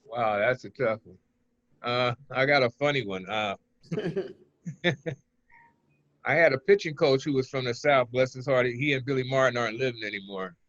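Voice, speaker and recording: An older man from Oakland, a former pitcher, telling rambling stories as an interview guest. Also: normal speed, pauses often, no room sound, highs cut off. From Oakland, California. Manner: relaxed, rambling, chuckles between stories. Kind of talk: casual interview storytelling.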